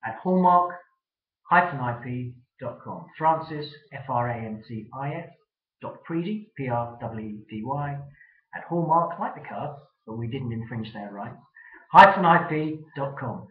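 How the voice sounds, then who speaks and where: Brisk advice-giving man, echoey room. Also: mid-range voice, lively intonation. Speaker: trademark attorney guest. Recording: echoey, dull web-video sound.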